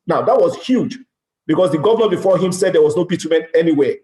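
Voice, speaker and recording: Animated and quick, with a fairly high pitch and a dark tone, a middle-aged Nigerian conference speaker delivers a motivational business talk in his Nigerian accent. He voices dialogue and repeats himself for emphasis, and the large conference hall makes everything echo.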